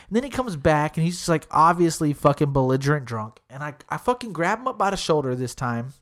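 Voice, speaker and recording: A man's voice: high voice, brisk. A young man who hosts comedy shows, telling a story in casual chat, swearing a lot and acting out each person's lines. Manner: animated, acts out quoted dialogue with shifting voices; heavy swearing, slangy. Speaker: comedy show host.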